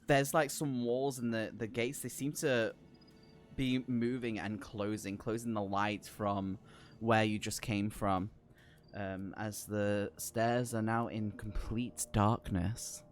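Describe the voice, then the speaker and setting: A man narrating a tabletop horror game as game master, casual and hesitant, with many pauses and ums. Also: fairly low pitch, fairly even intonation, slight background noise.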